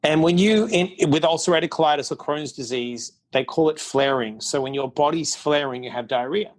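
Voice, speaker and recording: A man's voice: on the high side, normal speed. A middle-aged man, a podcast guest, tells a personal story candidly and bluntly, acting out quotes as he goes. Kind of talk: casual storytelling interview.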